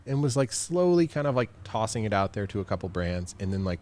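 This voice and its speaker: A man's voice: lowish voice, sing-song, a little fast, a little mellow, a little hiss or hum. A man talking as a photographer guest on a podcast, chatty, laughing often and acting out quotes. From United States. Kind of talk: casual podcast interview.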